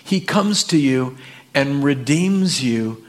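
A man's voice: mid-range voice, expressive, slow. A man preaching a sermon, reading scripture aloud and asking the congregation questions. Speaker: pastor.

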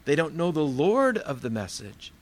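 A man's voice: a little high, very animated, normal speed. A man preaching a sermon in a conversational, storytelling way, often acting out the voices of the people in his story.

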